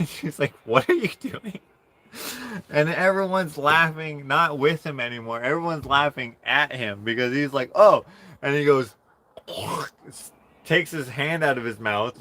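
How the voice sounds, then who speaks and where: A man's voice: medium pitch, sharp tone. A man on a livestream telling a rambling story in a casual way and laughing through it. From Canada. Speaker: livestream host.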